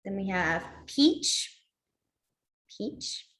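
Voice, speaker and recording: A woman's voice: mid-range voice, animated, very slow, a bit bright, roomy sound. A young woman teaching a sign language class online, chatty, apologetic and easily sidetracked, laughing often.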